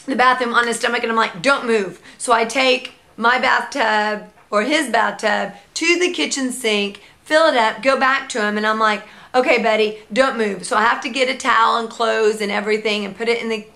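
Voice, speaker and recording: A young woman vlogging about her baby, chatty and animated, slipping into sing-song baby talk. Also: fairly high pitch, normal speed, gravelly, few pauses. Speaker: mom vlogger, founder of a parenting blog. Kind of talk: casual storytelling vlog.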